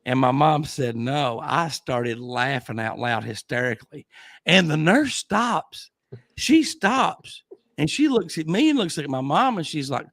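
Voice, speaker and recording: A man's voice: a little high, expressive, unhurried, fairly bright tone, no echo. Rambling, laughing man host. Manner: rambling storyteller, laughs often. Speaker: podcast host. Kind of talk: casual livestream chat.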